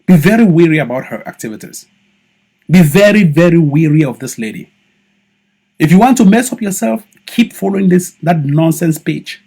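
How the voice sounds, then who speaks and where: A man with a Cameroonian English accent shot through with Pidgin delivers a fiery monologue in a high, husky voice. His pitch leaps and plunges as he hammers home accusations and repeats phrases for weight. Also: animated, normal speed, dark tone. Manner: heated, emphatic, accusatory, repeats for stress. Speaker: political activist. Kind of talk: impassioned video monologue.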